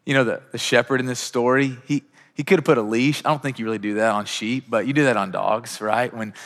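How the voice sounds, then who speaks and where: Emphatic preacher in a reverberant hall. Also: male voice, medium pitch, steady tone, fast, fairly bright tone. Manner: emphatic preaching with rhetorical questions. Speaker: pastor. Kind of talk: sermon.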